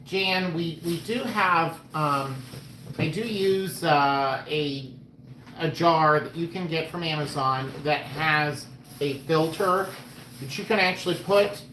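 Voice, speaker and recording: A man co-hosting a live sale stream, explaining things in a halting way full of fillers. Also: a little high, a bit bright, reverberant, a little hiss or hum, low-quality recording. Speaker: co-host. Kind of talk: casual live-stream chat.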